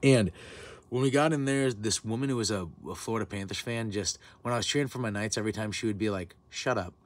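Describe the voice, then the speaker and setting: A man's voice: fairly low pitch, fast talker. A man in his twenties telling a heated, profane story in a vlog rant. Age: 20s. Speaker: vlogger. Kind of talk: ranting storytime.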